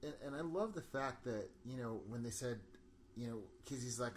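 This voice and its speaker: A man co-hosting a casual podcast, rambling excitedly about a film, often laughing and quoting lines from it. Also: medium pitch, a little fast, a little hiss or hum. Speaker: podcast co-host. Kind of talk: casual movie discussion.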